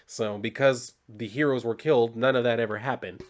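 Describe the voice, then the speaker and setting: A man's voice: mid-range voice, steady tone, a little fast. A man giving a casual comic book recap, talking loosely with fillers and swearing.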